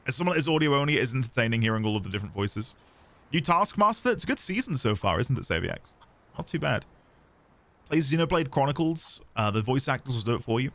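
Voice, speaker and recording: A man's voice: medium pitch, very animated, quick pace, a bit bright. A man chatting casually on a live game stream, rambling and self-deprecating.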